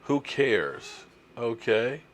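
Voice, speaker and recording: A man's voice: medium pitch, sing-song, drawn-out words. A middle-aged man, hosting a casual live stream, chatty and reading viewer comments aloud. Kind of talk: casual live stream chat about football.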